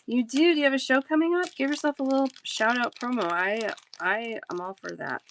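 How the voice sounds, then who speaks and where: A woman's voice: on the high side, brisk, fairly bright tone, slight background noise. A woman in her thirties, a talkative and giggly live-stream bead seller chatting casually with her viewers.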